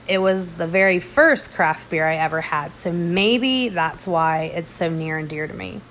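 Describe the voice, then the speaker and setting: A woman with a lowish voice hosts a casual podcast, rambling and chatty as she pokes fun at herself. Faint background noise hums under the recording. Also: fairly bright tone. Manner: chatty, rambling, self-deprecating. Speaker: beer podcast host.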